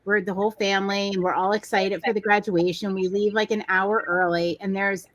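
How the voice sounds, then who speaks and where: A woman co-host in her forties, talking casually and telling stories with lively energy. She acts out what others said as she goes. Her voice is dry and close, with little room sound. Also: mid-range voice, fairly quick, no room sound, dull audio. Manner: animated storytelling, acts out quoted people. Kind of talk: casual chat.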